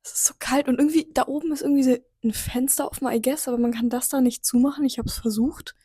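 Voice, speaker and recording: A woman's voice: sits high, fast talker, breathy edge, no echo, clean studio sound. A young woman from Germany vlogging casually from a cold hostel room, complaining and using slang. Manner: complaining, relaxed, uses slang. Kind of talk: casual vlog talk to camera.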